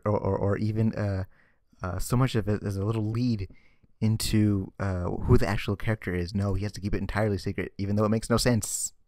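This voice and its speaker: Exasperated man ranting, low voice. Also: darkish tone, dry recording, studio quality. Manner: exasperated, sarcastic, stammers and repeats words. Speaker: vlogger. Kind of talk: ranting comic book commentary.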